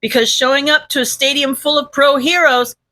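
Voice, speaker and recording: A brash teenage boy who snaps and sneers at everyone, as a woman reading a fan story puts him on. The voice is high and bright, quick to rise into shouting. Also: steady tone. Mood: scornful. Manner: yelling insults, scornful. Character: brash teenage boy, hot-tempered and foul-mouthed.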